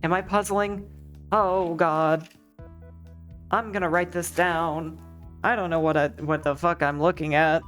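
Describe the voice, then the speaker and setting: A woman streamer reading a visual novel aloud, acting its lines with shouts and swearing. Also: lowish voice, fairly even intonation, a little slow, long pauses, soft background music.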